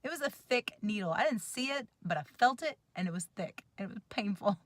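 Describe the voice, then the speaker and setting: A woman in her thirties vlogging from inside a parked car, telling a story in an animated, giggly, chatty way. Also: mid-range voice, brisk, no echo. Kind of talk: casual storytelling to camera.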